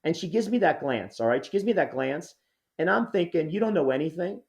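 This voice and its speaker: A man's voice: on the high side, big pitch swings, brisk, creaky, muffled recording. Guy in his 60s doing a mock-angry rambling rant on a podcast. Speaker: podcast co-host. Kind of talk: comedic rant.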